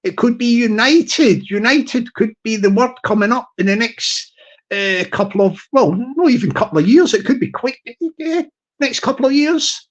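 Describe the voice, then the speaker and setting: A man's voice: extremely high pitch, normal speed, muffled recording. A man from Southwest England, chatting casually on a livestream in a rambling, jokey way that keeps circling back on itself. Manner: rambling, jokey, repeats himself.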